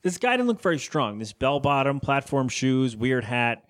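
A man's voice: mid-range voice, sing-song, moderate pace. Rambling, joking podcast co-host man. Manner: rambling, joking, laughs often. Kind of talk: casual chat recapping a cartoon episode.

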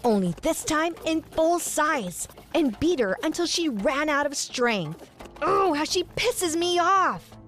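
High-voiced woman narrating a drama. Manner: dramatic, resentful retelling. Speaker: podcast storyteller. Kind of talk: first-person story narration.

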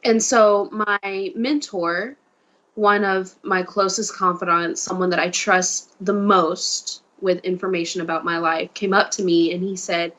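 A woman's voice: fairly low pitch, steady tone, a little slow, fairly bright tone. A woman, a guest chatting casually and playfully. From Mississippi, USA. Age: 20s. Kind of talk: casual chat.

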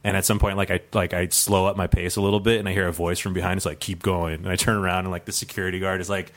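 Low-voiced man telling a rambling story. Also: little pitch movement, racing. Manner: rambling, laughing, acting out voices of others. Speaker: improv comedian telling a true story. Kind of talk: storytelling for a live audience.

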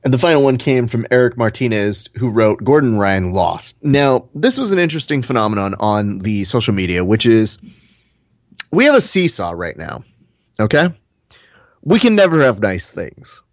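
A man's voice: medium pitch, big pitch swings, normal speed, no room sound. Guy cohosting a podcast, wry and chatty, dry kinda dull-sounding mic. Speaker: podcast co-host. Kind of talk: casual podcast chat.

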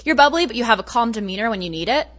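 A woman's voice: a little high, animated, rapid-fire, a bit bright. Woman, podcast host, supportive, thinks aloud, casual.

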